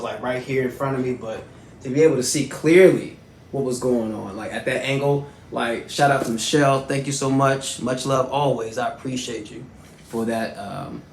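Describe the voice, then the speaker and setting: A man in his thirties hosting and telling personal stories in a casual, animated way, with lots of shout-outs and fillers. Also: medium pitch, roomy sound, a little hiss or hum. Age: 30s. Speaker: host.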